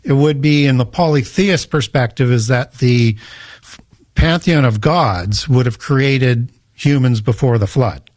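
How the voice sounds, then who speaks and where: A guest author and researcher lectures on ancient myths during an interview, often restarting and correcting the host. He speaks at a measured pace in a medium-pitched, slightly mellow voice, with no echo.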